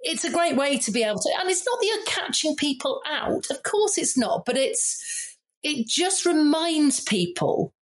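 A woman in her forties, a former military pilot hosting a podcast interview, who tells lively stories and acts out the voices she quotes. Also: high-pitched, moderate pace. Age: 40s.

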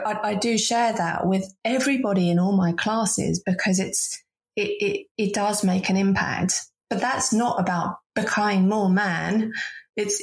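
Gravelly-voiced woman coach. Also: mid-range voice. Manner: earnest, explanatory, with frequent restarts. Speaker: voice and leadership coach. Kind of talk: interview conversation.

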